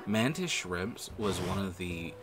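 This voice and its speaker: A man's voice: deep voice, expressive, takes it slowly, very noisy. A man giving casual, rambling gameplay commentary, with lots of fillers and swearing. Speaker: gaming video creator. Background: background music.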